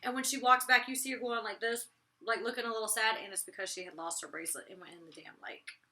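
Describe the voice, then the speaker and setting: Raspy young woman with a bright edge. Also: fairly high pitch, fairly even intonation, fast. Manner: chatty, blunt, full of slang and mild cursing. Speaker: reality TV personality reviewing her episode. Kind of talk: casual vlog commentary.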